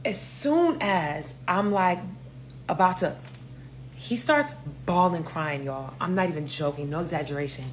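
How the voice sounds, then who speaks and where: A woman telling a casual storytime, animated, swearing and dramatic. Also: lowish voice, unhurried, a little hiss or hum. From New York.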